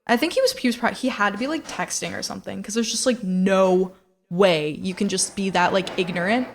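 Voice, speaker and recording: A woman's voice: mid-range voice, fairly quick, vocal fry. A young woman co-hosting a podcast, telling stories in casual chat full of fillers. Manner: chatty storyteller, many fillers. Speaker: podcast co-host.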